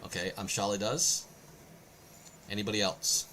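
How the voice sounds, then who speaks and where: A man's voice: lowish voice, fairly even intonation, moderate pace, bright, forceful tone, a little hiss or hum. A man narrating a tabletop game session as game master, explaining the scene steadily and often restarting his sentences.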